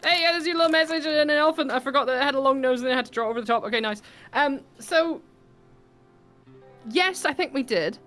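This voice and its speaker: A woman's voice: high-pitched, fast talker, a bit bright, faint music behind. A woman hosting a casual live stream from home, chatty and laughing, reading out viewer messages. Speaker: livestream host.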